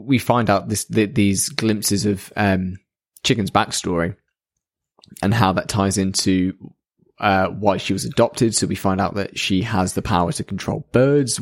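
A man with a low voice joins in on a relaxed podcast. He jumps in readily, backing up his co-host and adding details of his own. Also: no echo. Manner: eager, chiming in with agreement and plot details. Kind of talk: casual chat recapping an anime.

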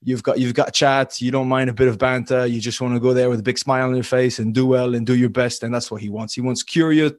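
Quick, animated male guest, banter-heavy storyteller. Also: mid-range voice, no echo, clean studio sound. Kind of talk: casual interview chat.

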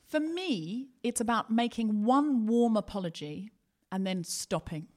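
A woman with a fairly high voice co-hosts a live comedy podcast from a theatre stage. She tells stories with energy and acts out each person in them as she goes. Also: a little slow. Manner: animated storytelling, acting out the people in her stories. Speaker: podcast co-host. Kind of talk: live comedy podcast chat before an audience.

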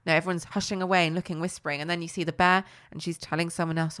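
Animated woman retelling a cartoon. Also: racing. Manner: animated storytelling with squeaky put-on character voices. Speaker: podcast co-host. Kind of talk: casual chat, retelling a cartoon plot.

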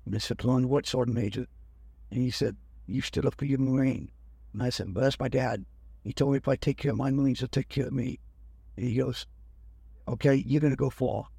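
A man's voice: medium pitch, fairly even intonation, fairly quick, vocal fry, warm tone, slightly rough, dry recording. An older man telling a rambling personal story in casual talk, acting out the people he quotes. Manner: rambling, acts out quoted officers. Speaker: guest telling his life story.

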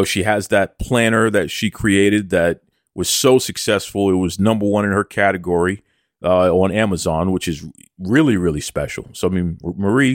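Reading out messages from listeners, this male host puts on a jokey swagger and speaks of himself in the third person. His voice is low, captured in a clean studio with no room sound.

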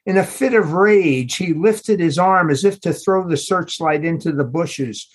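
Male author-narrator, unhurried literary reading, slightly husky tone. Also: on the high side. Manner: measured, unhurried storytelling. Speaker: author reading his novel.

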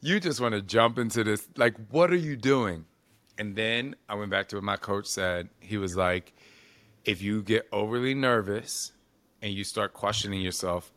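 During a casual interview, a man in his 40s with a lowish voice tells lively, expressive stories, his talk peppered with "like" and an occasional swear.

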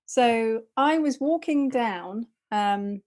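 A woman's voice: fairly high pitch, drawn-out words. A woman co-hosting a casual chat podcast, telling stories with lots of animation and laughter. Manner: animated storytelling, laughs often. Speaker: podcast co-host.

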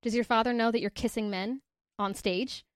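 A woman's voice: a little high, moderate pace, no room sound, clean studio sound. A woman co-hosting a casual podcast, animatedly retelling a book plot and acting out the quoted lines. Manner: animated storyteller, acts out quotes. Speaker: podcast co-host presenting a book. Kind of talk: casual chat, retelling a story.

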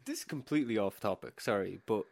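Lively man chatting in a dry room. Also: on the low side, quick pace, vocal fry, dry recording. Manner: apologetic, tangent-prone, laughs often. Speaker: podcast co-host. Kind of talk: casual film chat.

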